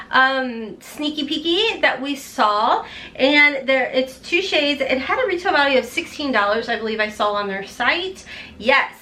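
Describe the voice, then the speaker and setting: A woman, gushing through an unboxing vlog, chatty, excitable and overtired. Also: sits high. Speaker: beauty vlogger.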